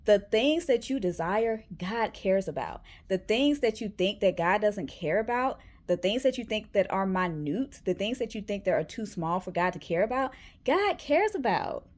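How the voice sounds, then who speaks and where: A woman's voice: mid-range voice, normal speed, hardly any pauses. A woman vlogger sharing a casual faith testimony, telling her story with animation and acting out the things people said. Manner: animated storytelling, acts out quotes.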